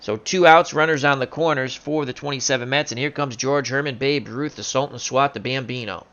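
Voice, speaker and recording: Bright-voiced man calling baseball play-by-play. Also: mid-range voice, brisk, highs cut off. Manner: jokey, bursts into loud excitement on big plays. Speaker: play-by-play commentator of a simulated baseball game. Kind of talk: excited play-by-play commentary.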